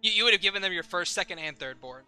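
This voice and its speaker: A man runs a tabletop game in an animated, chatty way. His voice is bright, forceful and clean, a bit above the usual pitch. Faint music plays behind. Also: rapid-fire, clear, resonant tone. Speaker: game master.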